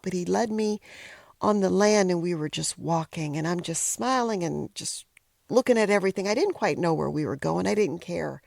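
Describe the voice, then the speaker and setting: Middle-aged woman telling her own story, lots of fry in the voice, dry close sound, soft and emotional. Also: on the low side, no echo. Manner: emotional, reflective, pauses often, drops to whispers. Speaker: podcast host telling a personal story. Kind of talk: personal storytelling narration.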